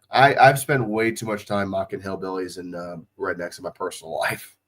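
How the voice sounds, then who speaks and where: A man's voice: low voice, fairly even intonation, fairly quick, a bit bright. A man with a slight drawl from Southwest Ohio who is getting over a cold. He calls football plays in a casual, profane way and chats with viewers as a streamer. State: recovering from a cold. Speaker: streamer doing watch-along play-by-play. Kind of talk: casual play-by-play commentary and chat.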